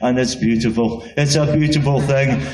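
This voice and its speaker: A man with a Scottish accent from the Highlands, giving a rambling rally speech full of wry asides. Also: fairly even intonation, normal speed, a little mellow, echoey room, low-quality recording. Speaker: rally speaker. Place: outdoor rally.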